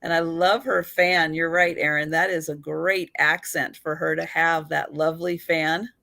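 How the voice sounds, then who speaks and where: A woman's voice: sits low, steady tone, normal speed, creaky, sharp tone. A woman hosting a live online sale, chatty and giggly, laughing between her remarks. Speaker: host of an online photo sale. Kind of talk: live-stream sale chat.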